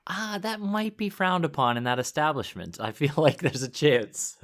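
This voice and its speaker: A man co-hosting a podcast in casual chat, relaxed and quick to laugh, with lots of fillers. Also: on the high side. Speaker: podcast co-host.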